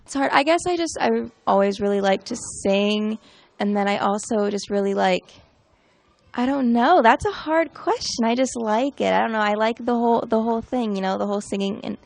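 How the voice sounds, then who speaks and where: A teenage girl with a gravelly, fry-tinged voice answers an interview question and keeps searching for her words. Her voice sounds dry and close. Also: a little high, moderate pace, no echo. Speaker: interviewed student.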